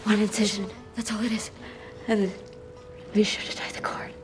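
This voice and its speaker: A woman's voice: mid-range voice, flat delivery, normal speed, natural voice. An actress playing a wounded pregnant woman in a TV drama, gasping and pleading with urgency. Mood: urgent. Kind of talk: TV drama acting. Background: music.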